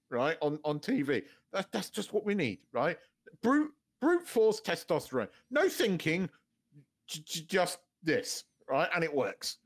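A man co-hosting a podcast in casual chat, rambling and swearing freely, stumbling over restarts and laughing often. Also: high voice. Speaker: podcast co-host.

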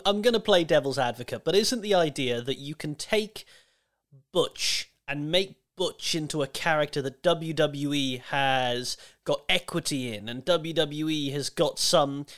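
A man talks through his argument on a podcast and plays devil's advocate in a reasoned way. His pitch moves around a lot, and he adds quick asides between points. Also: fairly bright tone. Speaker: podcast co-host. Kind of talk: casual podcast chat.

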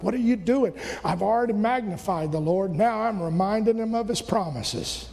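Here a man with a high, darkish, creaky voice delivers an impassioned sermon as pastor, barely pausing, echoing his own lines and breaking into hymn fragments at normal speed. The church sanctuary gives long reverb, with faint music and slight hiss or hum underneath.

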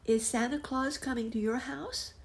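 A woman's voice: high-pitched, fairly even intonation, moderate pace, a little hiss or hum, pitched above the performer's own voice. A woman voicing a sad young boy who sighs over missing presents. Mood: glum. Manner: sighing, glum.

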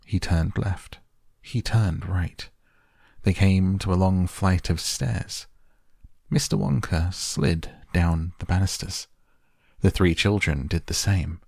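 Male audiobook narrator: slow, deep, gravelly; dry close recording. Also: dry recording. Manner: measured, expressive reading.

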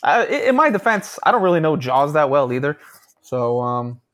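A young man with a somewhat high voice, chatting on a podcast. He is playful and quick to get excited, and he swears casually. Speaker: podcast co-host. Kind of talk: casual chat.

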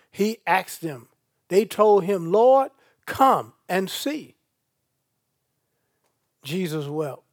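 A man's voice: sits high, a little mellow, no echo, clean studio sound. A male pastor, preaching a sermon and reading scripture aloud with asides to the congregation.

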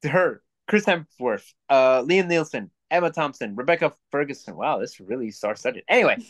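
A man's voice: mid-range voice, lively intonation, normal speed. A man co-hosts a podcast in loose, casual chat. He sounds blunt and foul-mouthed. He rants his opinions openly. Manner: blunt, profane, opinionated ranting. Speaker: podcast co-host.

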